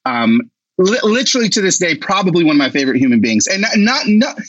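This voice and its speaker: A man in casual podcast chat, telling stories in a lively way and laughing as he talks. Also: high voice, fast, no room sound, lo-fi sound. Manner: animated storytelling with laughs. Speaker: guest author.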